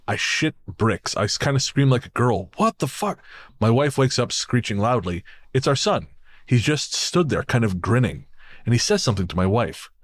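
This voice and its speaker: A man co-hosting a spooky-stories podcast, chatting casually and reading a listener's story aloud, sardonic, swearing and laughing often. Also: mid-range voice. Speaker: podcast co-host.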